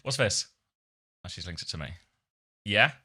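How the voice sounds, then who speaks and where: Middle-aged man, streamer, very bright and crisp tone, playful, laughs a lot. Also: lowish voice, animated, moderate pace, slight background noise. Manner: playful, laughs often, chatty with viewers. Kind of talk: casual live-stream chat.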